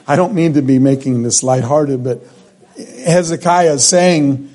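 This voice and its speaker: A man's voice: medium pitch, a little slow, dark tone. A middle-aged man preaching a sermon, reading scripture aloud and explaining it verse by verse.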